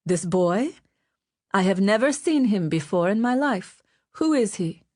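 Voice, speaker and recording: A woman voicing a proud, scornful queen mother who speaks with patient calm. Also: mid-range voice, measured pace, no room sound, studio quality. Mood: cool scorn.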